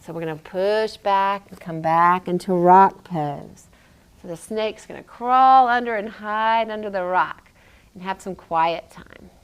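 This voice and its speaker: A woman's voice: mid-range voice, unhurried, clear, resonant tone. A woman yoga teacher and physical therapist guiding a child through a yoga class, encouraging and playful, with animal sounds.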